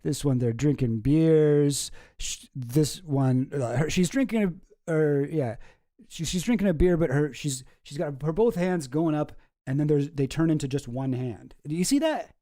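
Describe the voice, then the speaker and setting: Mellow, wry, rambling male commentator. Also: on the high side, moderate pace, dry recording, studio quality. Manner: rambling, self-interrupting, wry. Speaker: YouTube commentary host. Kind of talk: casual comedic commentary.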